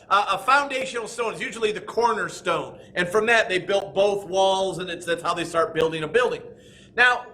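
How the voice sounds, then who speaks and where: Male teacher, high-pitched, bright and forceful tone, animated classroom Bible lesson, acts out quoted voices. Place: church school classroom.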